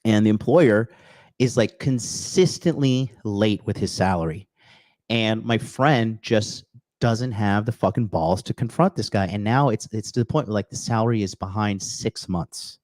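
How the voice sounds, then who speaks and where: A man's voice: lowish voice, a little slow, a little mellow, no room sound, studio quality. A man hosting a podcast who rants bluntly and crudely, swearing often and hammering points with repeated phrases and a constant "okay?". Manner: emphatic bursts, repeating key phrases. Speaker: podcast host. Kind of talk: profane motivational rant with chat replies.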